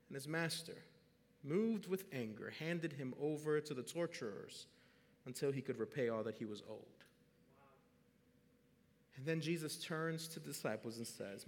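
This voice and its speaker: A male pastor with a slightly high, somewhat bright voice preaches a sermon at normal speed, telling a story with animation and putting questions to the congregation. A long reverb tail trails his words.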